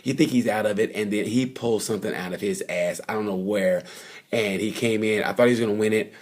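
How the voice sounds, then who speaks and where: A man's voice: lowish voice, fairly even intonation, fairly quick. A man casually recapping motorcycle races in a rambling, chatty way, full of fillers and asides. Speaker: vlogger reviewing motorcycle races. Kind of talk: casual off-the-cuff race recap. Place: at the race circuit.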